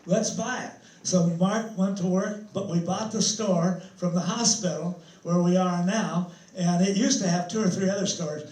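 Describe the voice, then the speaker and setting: A man's voice: high-pitched, a little mellow. An older man telling rambling, chuckling stories as a guest speaker at an evening talk. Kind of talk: storytelling talk. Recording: echoey hall.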